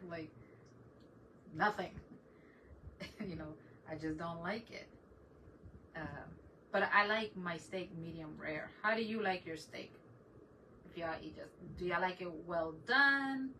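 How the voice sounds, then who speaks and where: A woman's voice: lowish voice, slow pace, pauses often, bright, forceful tone. A middle-aged woman hosting a casual DIY craft livestream, chatting with viewers and laughing often as she works. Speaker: DIY craft channel host. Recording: voice a bit far from the mic, faint background noise.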